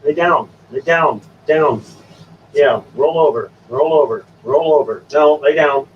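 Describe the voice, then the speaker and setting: A man hosting a casual stream and giving his dogs coaxing commands, jumping to high sing-song calls. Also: unhurried, muffled recording. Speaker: stream host. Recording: distant from the mic. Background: dogs, faint room noise.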